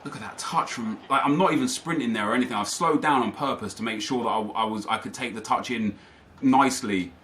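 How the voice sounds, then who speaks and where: A man's voice: mid-range voice, quick pace, fairly bright tone. A young man commentating live over his own gameplay, ranting in frustration to his viewers. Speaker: gaming YouTuber.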